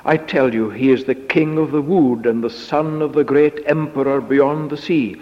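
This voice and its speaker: A man's voice: medium pitch, steady tone, moderate pace, close to an everyday voice. A man voicing a stern, earnest male beaver from a storybook read aloud, on a dull recording with a long echo. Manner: stern, emphatic. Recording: dull lo-fi tape in echoey hall.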